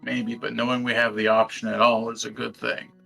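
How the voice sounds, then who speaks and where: A man playing a tabletop game, speaking in a flat way. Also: medium pitch, a little fast, creaky, soft background music, low-quality recording. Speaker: player.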